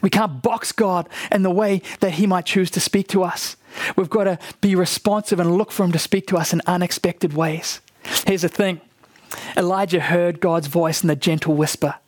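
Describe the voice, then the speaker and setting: A male pastor preaching with a high, light voice. He is earnest and often repeats words as he works up to a point. The sound is dry and close, with no room echo. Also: fairly even intonation, normal speed. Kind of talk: sermon.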